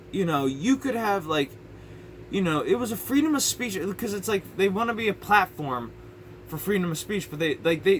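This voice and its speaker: A man's voice: fairly high pitch, a bit bright, slight background noise. A young man ranting frustratedly on his vlog from his parents' house, rambling and restarting his sentences. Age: young adult. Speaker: YouTuber.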